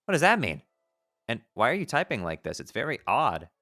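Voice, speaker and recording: A man voicing a blind, brash teenage troll girl, talking loud and eager while reading a webcomic aloud on stream. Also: mid-range voice, wildly swooping pitch, fairly quick, no echo, clean studio sound, faint music behind, pitched above the performer's own voice.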